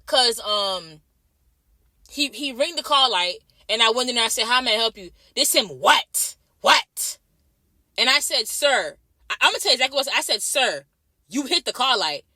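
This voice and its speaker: A woman's voice: fairly high pitch, expressive, normal speed, bright, forceful tone, no echo. A young woman who works as a night-shift nurse, ranting in a vlog. She is blunt, swears heavily and keeps repeating herself. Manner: blunt, repetitive, heavy swearing.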